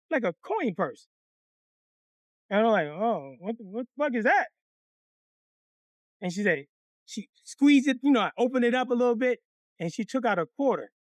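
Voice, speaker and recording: A man telling a funny story from his childhood, cursing freely and acting out the other people's voices in a lively, animated way. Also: sits high, dry recording. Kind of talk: comedic storytelling.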